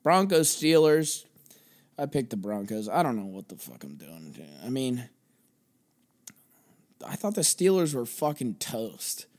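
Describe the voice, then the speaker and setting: A man's voice: mid-range voice, very animated, measured pace, long pauses, darkish tone. Casting: young guy, sports podcast host, rambling profane rants, mid-range voice. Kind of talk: solo sports podcast rant.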